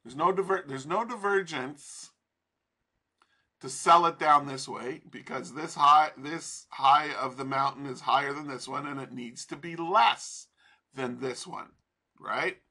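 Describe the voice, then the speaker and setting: A man's voice: a little high, a little slow, sharp tone. A man teaching trading over a chart in a casual, profane, rambling way, laughing often. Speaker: trading instructor.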